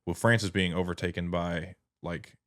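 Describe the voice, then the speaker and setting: Rambling Texan man, low voice. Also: level tone, normal speed, fairly bright tone. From Texas. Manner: rambling storyteller, lots of filler words. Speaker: podcast co-host. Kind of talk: casual chat.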